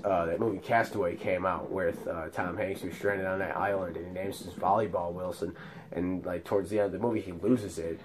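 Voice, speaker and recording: A man's voice: low voice, background noise. A young man hosting a let's-play video, rambling through a profane story while he plays. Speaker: gaming channel host. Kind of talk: casual let's-play commentary.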